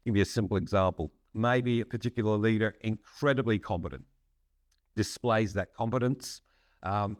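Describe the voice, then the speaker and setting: Podcast guest: man, lowish voice, measured explainer, dry close sound. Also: no room sound. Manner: measured, frequent "um" and restarts, occasional laugh. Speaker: psychologist and consultant, podcast guest. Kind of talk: conversational expert explanation.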